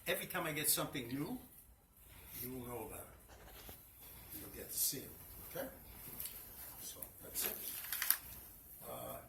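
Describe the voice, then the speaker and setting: A man's voice: mid-range voice, sing-song, measured pace, creaky, long pauses. A man shows students his fabrics, chatty and full of repeated anecdotes. He is picked up from some distance in an echoey shop with a busy hum behind him. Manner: chatty storytelling, repeats himself. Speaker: fabric shop owner teaching a class. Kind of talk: informal hands-on demonstration. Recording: roomy, distant mic, noisy shop.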